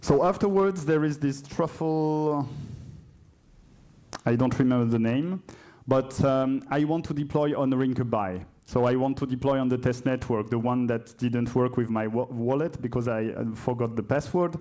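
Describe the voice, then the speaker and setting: At a conference hall, a man with a French accent does a live coding demo in a dark, medium-pitched voice at normal speed. He hesitates, corrects himself and makes chatty asides along the way.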